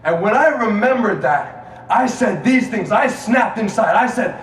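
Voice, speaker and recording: A man giving an inspirational speech to a live audience in a student lounge, rousing the crowd into call-and-response chants and swinging between loud and hushed delivery. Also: high-pitched, animated, a little slow. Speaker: motivational speaker. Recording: roomy, distant mic, audience and room noise.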